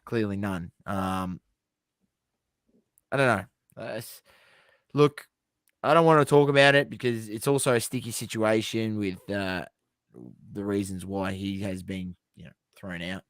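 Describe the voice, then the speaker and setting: A man's voice: fairly low pitch, measured pace, clear, resonant tone, no room sound, studio quality. A man with an Australian accent co-hosting a podcast in casual sports chat, blunt and swearing freely, repeating himself for emphasis. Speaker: podcast co-host.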